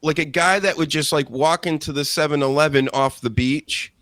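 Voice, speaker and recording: Man, bright tone, dry close sound, animated rambling, mocking impressions. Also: on the high side, normal speed, dry recording. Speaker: podcast co-host. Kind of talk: casual wrestling review chat.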